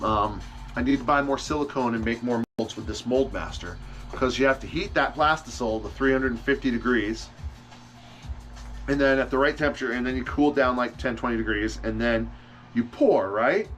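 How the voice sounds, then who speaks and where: A man's voice: mid-range voice, moderate pace, a bit bright, soft background music. A man making fishing lures in his workshop, chatting casually on a livestream and answering questions, rambling and restarting his sentences, with the odd swear word. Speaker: fishing lure maker hosting a livestream. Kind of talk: casual live-stream chat answering questions.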